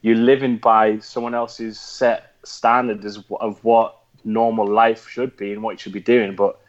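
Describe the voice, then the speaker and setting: Geordie man, low voice, lo-fi sound. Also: flat delivery, a little slow. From North East England. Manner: reflective, many fillers and restarts. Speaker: guest, former special forces veteran. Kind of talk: conversational interview.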